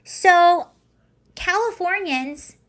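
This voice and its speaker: High-voiced chatty woman streaming. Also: animated, very slow, fairly bright tone. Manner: chatty, rambling, self-correcting. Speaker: livestream host. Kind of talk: casual livestream commentary.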